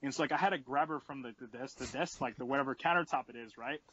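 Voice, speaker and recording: A man's voice: mid-range voice, fast, dull audio, slight background noise. Young man telling a wild party story. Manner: animated, filler-heavy retelling with frequent "like" and acted-out asides. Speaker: podcast host. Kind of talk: casual storytelling.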